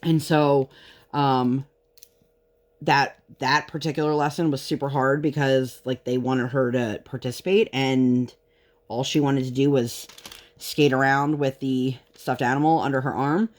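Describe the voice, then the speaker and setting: A woman's voice: rumbling low, steady tone, measured pace, a little mellow. A woman talking casually to her viewers while she works on a craft project. She rambles through a parenting story, drifting into tangents and then pulling herself back on track. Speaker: vlogger and parent.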